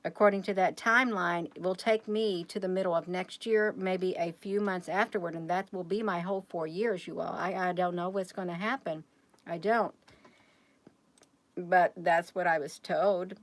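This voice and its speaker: A woman's voice: fairly low pitch, a little slow, fairly bright tone. A woman hosting a casual livestream, rambling and chatty as she keeps talking straight to her viewers.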